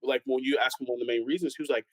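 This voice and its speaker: A man's voice: medium pitch, racing, no room sound, poor audio. A young man and pastor's son telling stories in a casual panel chat, acting out the people he quotes. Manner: animated storyteller, acts out quoted voices.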